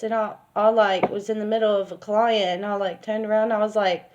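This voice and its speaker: A woman's voice: mid-range voice, little pitch movement, fairly quick, few pauses, a little mellow, lo-fi sound, slight background noise. A woman telling a personal story in a casual, rambling way with lots of fillers. She speaks candidly and swears now and then.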